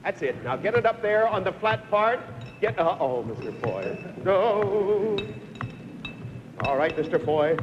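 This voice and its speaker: Brisk high-voiced man hosting a 1950s game show. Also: sing-song, over music. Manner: brisk, coaxing, urges contestants on. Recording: dull 1950s TV broadcast with long reverb.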